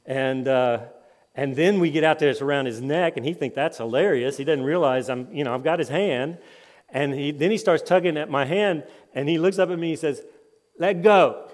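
Storytelling preacher in a reverberant hall. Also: male voice, a little high, fairly quick. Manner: lively storytelling, voice rising and dropping with the tale. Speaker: conference speaker. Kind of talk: sermon with personal stories.

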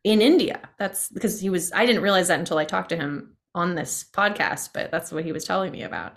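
A woman's voice: on the low side, expressive, a little fast, gravelly. A woman hosting a podcast, chatting casually and asking curious follow-up questions. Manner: curious, conversational, asks follow-ups. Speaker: podcast host, interviewer. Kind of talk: casual interview chat.

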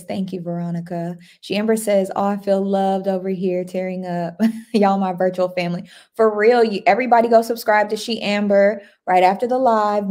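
A woman hosts a casual, chatty livestream in a mid-range voice with a darkish tone. She stays upbeat, reading viewer comments aloud and greeting individuals by name.

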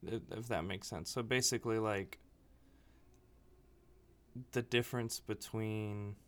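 A man's voice: fairly low pitch, fairly even intonation, takes it slowly, a bit bright. A man co-hosting a podcast, chatting casually and rambling, often acting out what other people said. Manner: rambling, chatty, quoting people in little acted voices. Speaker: podcast co-host. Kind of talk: casual chat.

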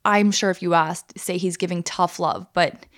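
A woman co-hosting a podcast in casual, animated chat, laughing often. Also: lowish voice, normal speed. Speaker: podcast co-host.

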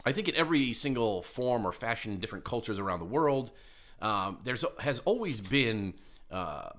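A man's voice: medium pitch, big pitch swings, moderate pace, a bit bright. A man co-hosting a podcast in casual chat, matter-of-fact, steering the talk with questions. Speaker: podcast co-host.

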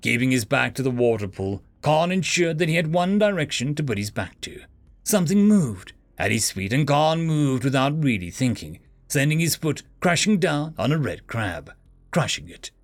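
A man narrating a fantasy story in an expressive storytelling manner. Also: mid-range voice, moderate pace. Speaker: audiobook narrator. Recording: faint background music. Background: faint music.

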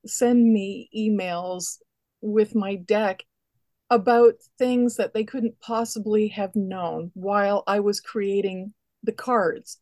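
A woman guest who creates decks, speaking in a measured, thoughtful way in casual chat over a remote call. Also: medium pitch, a little mellow, dry recording.

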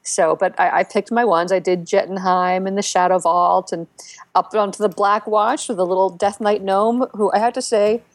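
A woman co-hosting a casual podcast, telling game stories with lots of fillers and restarts, and getting animated when she quotes other players. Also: medium pitch, normal speed, dry recording. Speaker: podcast co-host. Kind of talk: casual chat about a video game.

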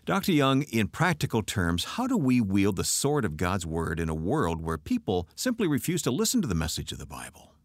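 A man's voice: lowish voice, huge pitch swings, normal speed, few pauses, no room sound, clean studio sound. A male radio announcer introducing a guest and closing the program in polished, scripted delivery.

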